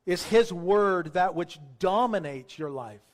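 A man preaching as a pastor, building to fervent emphasis and then leading a slow, quiet prayer. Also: high voice, expressive. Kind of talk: sermon with altar call prayer. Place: church sanctuary.

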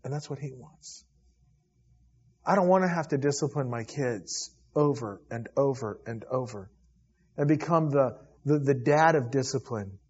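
A man preaches to his church in a husky voice, his delivery rising to loud appeals and sinking to near-whispers. The recording is dull and lo-fi, as if taped during a service. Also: medium pitch, a little slow. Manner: preaching with swells from loud to hushed. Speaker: pastor. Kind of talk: sermon.

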